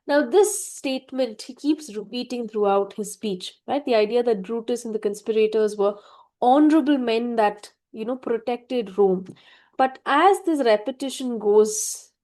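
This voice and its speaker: Woman teacher lecturing on lit, highish mellow voice, keeps going "right?". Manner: explains with frequent "right?" check-ins and reads quotes aloud. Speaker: literature teacher. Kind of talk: classroom lecture.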